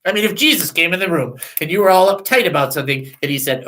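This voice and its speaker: A man's voice: on the high side, expressive, quick pace, few pauses, bright, forceful tone, poor audio. A man hosting a radio show, teaching from the Bible in a candid, self-deprecating, chatty way.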